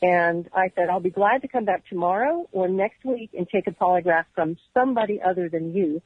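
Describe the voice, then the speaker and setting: A woman's voice: lowish voice, brisk, no room sound, phone-quality sound. A woman guest on a radio interview, telling her story in earnest detail and acting out what others said to her. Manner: earnest, detailed storyteller who acts out quoted dialogue. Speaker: radio guest, former agency employee.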